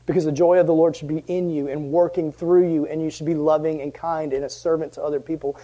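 A man's voice: fairly high pitch, level tone, fast, few pauses, dark tone. A youth pastor giving a casual evening sermon to young people. He talks conversationally and jokes, then builds to emphatic passion.

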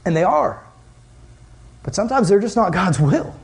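This young youth pastor has a high, gravelly voice and talks at normal speed. Preaching a casual youth sermon, he tells stories animatedly and packs in plenty of "like" fillers.

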